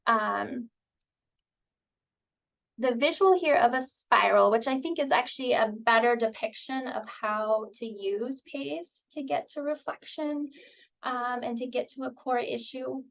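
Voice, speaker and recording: A woman presenting at a clinical training session, explaining in a relaxed conversational way with frequent ums. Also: fairly high pitch, a little slow, gravelly, dull audio. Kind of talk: conversational teaching talk. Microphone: video call.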